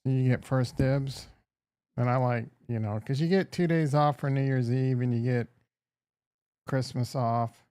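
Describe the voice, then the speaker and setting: A man's voice: medium pitch, unhurried, a little mellow, clean tone, dry recording, clean studio sound. A man hosting a casual livestream, rambling and crude as he jokes with his chat. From Upper Midwest. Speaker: livestream host.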